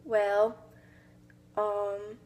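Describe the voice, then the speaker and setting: A woman's voice: medium pitch, flat delivery, very slow, darkish tone. A young woman with a Southern US accent gives an informative class speech, hesitant and full of fillers. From American South. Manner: hesitant, many fillers, mimics accents briefly. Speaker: student giving a speech.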